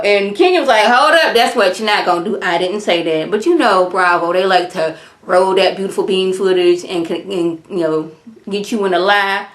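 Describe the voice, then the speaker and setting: A woman, chatting casually as she recaps a reality show and acts out the cast's quotes in voices. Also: medium pitch. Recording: echoey room.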